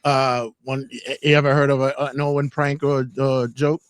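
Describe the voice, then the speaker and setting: A male podcast host in casual chat, spinning stories with lively animation. His voice sits at an ordinary pitch, and the recording is close and dry. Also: normal speed, clear, resonant tone, no room sound. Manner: animated storyteller, laughs while telling.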